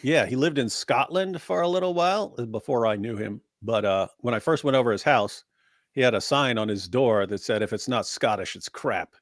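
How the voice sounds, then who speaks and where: A man co-hosting a live stream, joking and telling animated stories in casual chat. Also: mid-range voice, brisk, no echo, studio quality. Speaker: co-host of a live talk stream.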